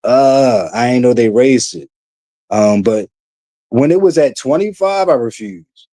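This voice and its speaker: A man's voice: medium pitch, expressive, unhurried, warm tone, no room sound. A young man hosting a casual livestream, rambling with lots of fillers, blunt and profane. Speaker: livestream host.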